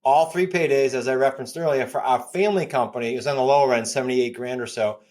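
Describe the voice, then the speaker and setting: A man in his fifties with a New England accent talks at a middling pitch as a podcast guest. He pitches his ideas with energy, hammering home key figures and repeating himself for emphasis. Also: quick pace, darkish tone. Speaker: guest, real estate coach. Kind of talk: podcast interview.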